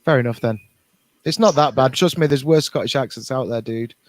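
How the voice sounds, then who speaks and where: A man's voice: medium pitch, fairly quick, no room sound. A man co-hosting a casual podcast chat, reading out viewer comments in a jokey, self-mocking way.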